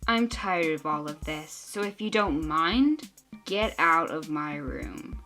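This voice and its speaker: A woman's voice: lowish voice, takes it slowly, bright, forceful tone, faint music behind. A woman voicing several teenage girls in an amateur drama, talking in an emotional, earnest and sulky way. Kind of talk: amateur teen drama acting.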